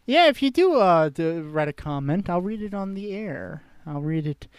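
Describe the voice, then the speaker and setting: A man's voice: high-pitched, big pitch swings, normal speed, clean tone, no room sound, studio quality. A man co-hosting a podcast, joking bluntly and swearing freely in casual sports talk. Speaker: podcast co-host.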